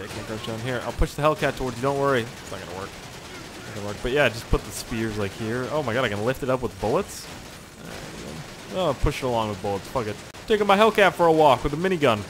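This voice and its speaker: A young man from Canada giving rambling, profane gameplay commentary with sudden excited yelps. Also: mid-range voice, a little hiss or hum. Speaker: gaming channel host.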